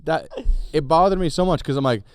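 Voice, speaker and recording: A man's voice: a little high, a little fast, clear, resonant tone. A man, a comedian co-hosting a podcast, telling crude stories in casual chat. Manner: crude, animated storytelling with quoted voices.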